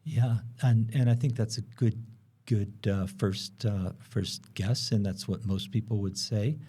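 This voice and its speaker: A man with a low, mellow voice co-hosts a casual podcast. He explains things in a rambling way, hesitating often and leaning on fillers. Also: steady tone, measured pace. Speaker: podcast co-host explaining bees.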